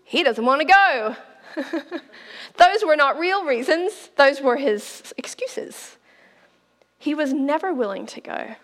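A woman preaching a sermon in an animated, chatty way, laughing often and talking straight to the congregation. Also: high voice, slow, long reverb tail. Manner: animated, laughs often, addresses listeners as "you guys".

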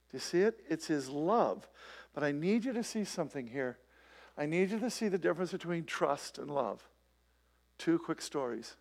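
A man preaches to a congregation, his voice slightly high and gravelly. He talks conversationally and keeps asking the room rhetorical questions. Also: lively intonation, moderate pace, darkish tone. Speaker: pastor. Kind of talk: sermon. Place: church, before a live congregation.

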